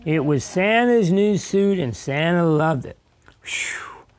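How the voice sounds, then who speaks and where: This older guest reader's voice is on the high side, expressive and a little mellow, with a clean tone and a measured pace. In an elementary school classroom, he reads a picture book to young kids, chattily breaking off to ask questions and explain.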